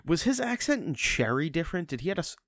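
A man casually chatting about a movie, rambling and joking, with quick silly impressions. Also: a little high, very animated, noisy background. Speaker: podcast co-host. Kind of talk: casual film review chat.

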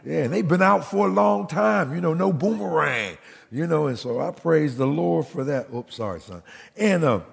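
A man preaching as a pastor, telling stories from his own family, who grows animated and nearly shouts at times. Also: fairly high pitch, moderate pace, creaky, breathy edge, in a large hall. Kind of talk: sermon storytelling.

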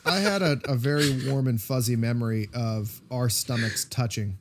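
A man co-hosting a podcast, telling crude, animated stories in casual chat. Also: mid-range voice, normal speed. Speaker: podcast co-host. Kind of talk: casual movie-riffing chat.

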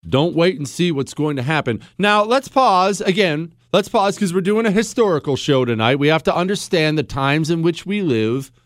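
A man's voice: fairly high pitch, animated, moderate pace, hardly any pauses, dry recording. A man hosting a talk radio show, delivering a sarcastic, opinionated monologue into a studio mic. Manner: sarcastic, mocking, acts out quoted voices.

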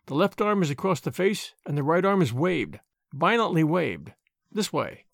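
Brief: uneasy signalman in a storybook reading , a man voicing him, low hushed voice, grave halting delivery, dry close sound. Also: big pitch swings, creaky, no echo. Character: haunted, troubled middle-aged male railway signalman.

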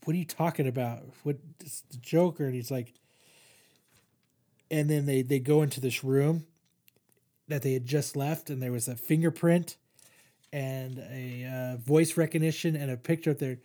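A man's voice: medium pitch, fairly even intonation, normal speed, pauses often, mellow. A young man in casual chat, hosting a podcast and retelling a comic issue in a rambling, profane way full of fillers. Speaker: podcast host reviewing comics.

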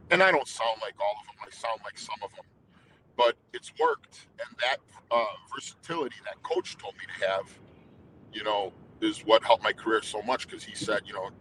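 A man's voice: on the low side, fairly bright tone, slight background noise, poor audio. A middle-aged man, a singer, telling stories as a guest in an interview, talking intensely and emphatically. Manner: intense, emphatic, fast-flowing. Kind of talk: casual interview storytelling.

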